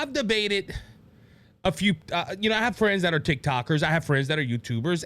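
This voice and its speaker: A man with a Cajun accent runs a political talk show by himself, his fairly high voice swinging widely in pitch. He's an animated podcast host who rambles, keeps restarting sentences, and repeatedly addresses his audience as ladies and gentlemen.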